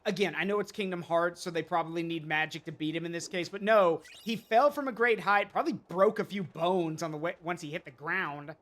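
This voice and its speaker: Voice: medium pitch, a little fast, hardly any pauses, fairly bright tone. A streamer in casual gameplay commentary, rambling, chatty and opinionated. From United States.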